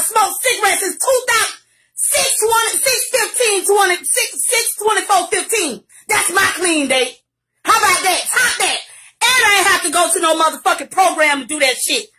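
Loud, profane grandmother ranting. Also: very high voice, slight background noise. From Virginia, US. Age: middle-aged. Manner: loud, cursing, confrontational, often shouting. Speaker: grandmother ranting in a recorded video. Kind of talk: angry profane rant.

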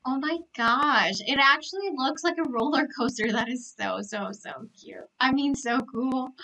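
A young woman live-streaming a game, gushing with excitement, gasping and repeating herself. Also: sits high, a little slow, low-quality recording.

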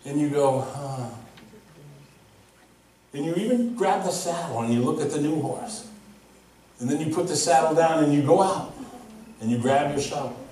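A male pastor preaching a sermon, telling a story with lively, laughing delivery. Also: on the high side, brisk, a little hiss or hum. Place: church. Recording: echoey hall from far off.

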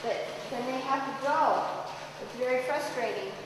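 Woman, preaching, animated storytelling, heard from afar, long reverb, faint room ambience. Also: sits high, normal speed, noisy background. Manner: animated storytelling, acting out quotes. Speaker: preacher's voice at a deaf church. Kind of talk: sermon. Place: church sanctuary. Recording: echoey hall, voice far from mic.

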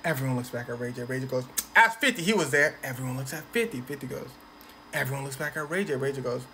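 A man telling a funny story in slangy, animated narration, slipping into quick voices for the people in it. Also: medium pitch, a little hiss or hum.

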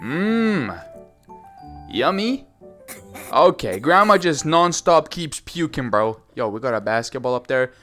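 A man giving casual gameplay commentary, slangy and excitable, breaking into high yells and squeals when surprised. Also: normal speed, hardly any pauses, faint music behind. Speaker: gaming YouTuber.

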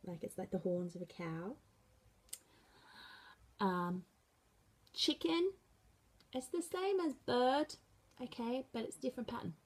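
Slow husky woman teaching signs. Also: a little high, expressive. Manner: slow and patient, saying each sign word aloud. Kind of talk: sign language lesson. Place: school room.

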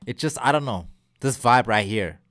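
A young man, hosting a casual music video reaction and talking straight to his viewers in a loose, excitable way. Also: mid-range voice, moderate pace. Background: faint hip hop from the video.

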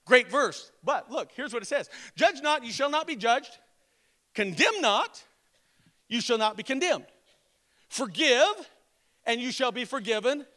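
A pastor preaching a sermon, calling on the congregation to repeat after him and slowing to stress each word of scripture. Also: male voice, very high-pitched, expressive, pushed and bright. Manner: emphatic call-and-response preaching.

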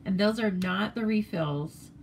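A woman's voice: mid-range voice, measured pace, slight background noise. An American woman demonstrating papercraft cards in a casual, chatty tutorial, rambling with fillers and self-corrections.

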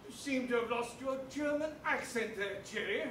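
A man's voice: very high-pitched, normal speed, a bit bright. A man on stage playing a blustering, pompous old army major, recorded in an echoey theatre from far off with some noise. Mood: bombastic. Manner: plummy, bombastic, hesitant fillers. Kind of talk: amateur stage acting. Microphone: far camera. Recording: echoey hall from far off, noisy.

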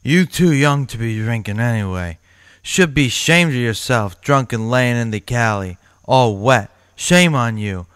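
A man's voice: mid-range voice, lively intonation, unhurried, fairly bright tone, clear, resonant tone, no room sound, clean studio sound. A man voicing a rambling, scolding drunk who slurs his way through his lines.

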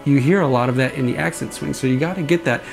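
Talking fast in a gravelly, mid-range voice over soft background music, a saber sound font designer explains how he made a sound. He rambles a bit in this casual demo and vocally imitates the swing noises.

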